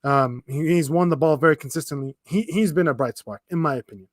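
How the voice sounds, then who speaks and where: A young man hosting a football watchalong stream, ranting in exasperation with swearing, restarts and fast bursts of complaint. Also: fairly high pitch, no echo, clean studio sound. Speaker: fan commentator reacting to a live match. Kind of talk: livestream watchalong rant.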